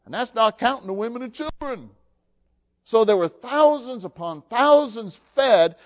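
Animated preacher man in an echoing hall. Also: extremely high pitch, measured pace. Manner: animated, shifts from hushed to emphatic, acts out dialogue. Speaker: pastor. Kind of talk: sermon. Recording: dull lo-fi sound with long hall reverb.

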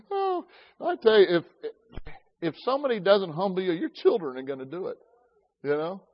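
A man's voice: high-pitched, big pitch swings, a little slow, long pauses. A man preaching a sermon, telling folksy stories with asides to his congregation. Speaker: pastor. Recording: slightly dull lo-fi sound.

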